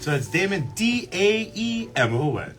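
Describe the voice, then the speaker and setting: A man hosting a live signing stream in a casual, joking manner, playful and quick to put on silly voices. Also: high-pitched, big pitch swings, a bit bright, faint music behind. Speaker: stream host.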